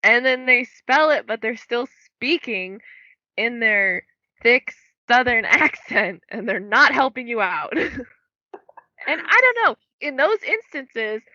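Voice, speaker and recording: A woman's voice: fairly high pitch, very animated, takes it slowly, sharp tone, no room sound, highs cut off. A young woman co-hosting a book podcast, chatting casually and filling her talk with "like". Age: young adult. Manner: chatty, many "like" fillers. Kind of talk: casual chat.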